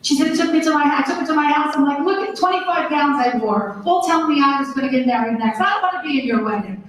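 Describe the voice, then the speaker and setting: A woman's voice: high-pitched, quick pace. A woman in her fifties performing a stand-up comedy set with brash, self-mocking punchlines. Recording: echoey club from far off with loud noise.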